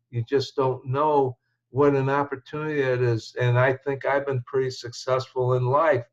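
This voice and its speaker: A man's voice: mid-range voice, steady tone, normal speed. An older man from the United States looks back on his life, speaking with a mid-range voice in a casual, meandering way. He restarts his sentences and chuckles to himself as he goes. The recording sounds dull and slightly lo-fi. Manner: reflective, rambling, with restarts and chuckles. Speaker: show host telling his life story. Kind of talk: casual personal storytelling.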